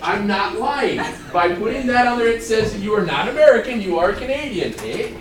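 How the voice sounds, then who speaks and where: A man's voice: high-pitched, brisk. Joking male teacher in an echoey classroom. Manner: playful, laughs often, animated. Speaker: math teacher. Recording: echoey classroom from far off with students.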